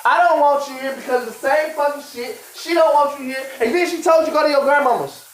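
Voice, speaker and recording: Furious man yelling in an echoey room. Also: very high voice, a little fast, slight background noise. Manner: angry, profane, repetitive shouting. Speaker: live stream host. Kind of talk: heated argument on a live stream.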